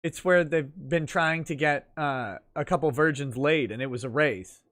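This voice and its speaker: Male livestream host, wry and easygoing, fairly high, bright voice. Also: moderate pace. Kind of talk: casual livestream talk show.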